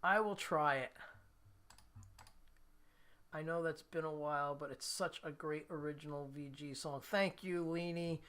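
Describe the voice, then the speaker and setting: During his weekly guitar livestream, a man chats easily with viewers, reads their comments out and laughs at himself often. His smooth voice is a little high and fairly bright, with fairly even intonation, a slightly slow pace and frequent pauses.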